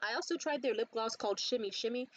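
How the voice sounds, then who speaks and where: A young woman in casual vlog chat about a beauty haul, animated and swearing freely, jumping up high when quoting others. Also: fast talker, highs cut off. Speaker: beauty vlogger. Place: bedroom.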